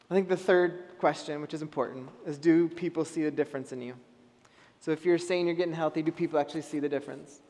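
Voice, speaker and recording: Male pastor, higher pitch, lively sermon delivery, long hall reverb. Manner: animated, acts out voices of people in the story. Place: church hall.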